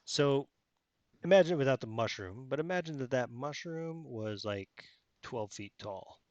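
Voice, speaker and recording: A man's voice: medium pitch, lively intonation, moderate pace, a little mellow, dry recording, lo-fi sound. A man running a tabletop game as game master, narrating casually and rambling with many fillers.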